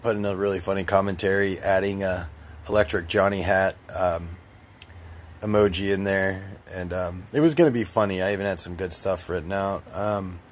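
A man's voice: deep voice, steady tone, moderate pace, slight background noise. A man giving casual, rambling commentary while walking outdoors in a park, full of fillers and loose asides. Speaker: vlogger.

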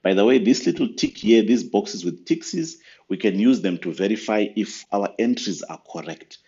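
A man giving a patient step-by-step software tutorial over a screen recording. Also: fairly low pitch, lively intonation, normal speed, muffled recording. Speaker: software trainer.

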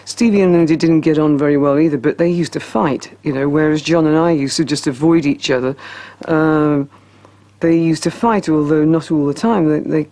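A man's voice: a little high, mellow. A man speaking candidly in a documentary interview recollection.

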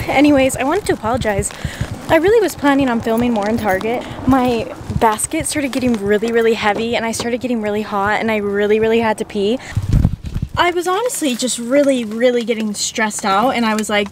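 Young female vlogger, higher voice, chatty and self-mocking, talks to a handheld camera. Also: brisk, background noise. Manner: rambling, frazzled and self-mocking. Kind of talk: casual vlog chat to camera. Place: out and about, stores and car.

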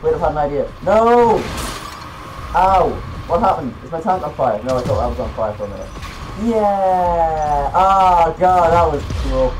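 A teenage boy giving gameplay commentary, excitable and quick to swear and yell at the game. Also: mid-range voice, a little hiss or hum, low-quality recording. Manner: excitable, swearing, yelling outbursts. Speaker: gaming YouTuber.

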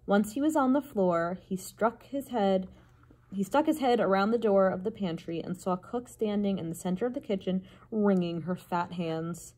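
A woman librarian reading a chapter book aloud to children with an expressive, dramatic delivery. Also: mid-range voice, normal speed. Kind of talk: storybook read-aloud.

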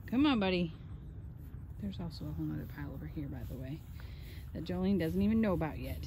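A woman's voice: lowish voice, expressive, quick pace, mellow, slight background noise. A woman with a Texan accent talking casually to the camera on her farm, teasing and chatting with her animals. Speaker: farm vlogger. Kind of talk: casual vlog talk to camera. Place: outdoors on a farm.

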